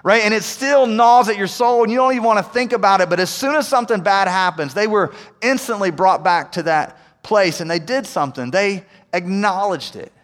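A man preaching as a pastor in a church, conversational, with frequent "right?" asides, moving between quiet and emphatic passages. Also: high voice, a little fast, hardly any pauses. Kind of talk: sermon. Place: church sanctuary. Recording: long hall reverb.

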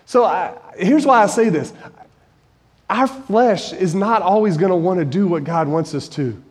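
A man in his forties who preaches and teaches high school Bible gives a conversational, earnest sermon full of storytelling that rises to emphatic peaks. His high voice is expressive and a bit slow, and a large hall's long reverb surrounds it.

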